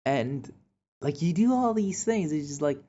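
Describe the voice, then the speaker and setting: A man's voice: fairly high pitch, expressive, a little slow, mellow. A man telling a casual storytime monologue in a rambling way, full of fillers and restarts. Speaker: vlogger. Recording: dull lo-fi recording.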